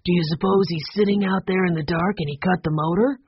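A sensible teenage boy who thinks aloud calmly, as a woman reading a storybook voices him. His tone stays level and reasoned. The voice is slightly breathy and lo-fi. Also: fairly low pitch, brisk, no echo. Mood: thoughtful.

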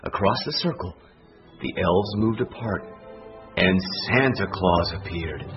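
A man narrating a children's Christmas story aloud in an expressive, storybook style. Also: lowish voice, measured pace. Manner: expressive, animated reading. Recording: dull lo-fi recording, faint music.

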